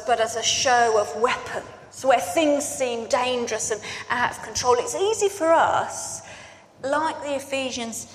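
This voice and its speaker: A woman's voice: fairly high pitch, slight background noise. A woman preacher giving a sermon, telling a story earnestly and repeating phrases for emphasis. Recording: echoey hall with faint ambience.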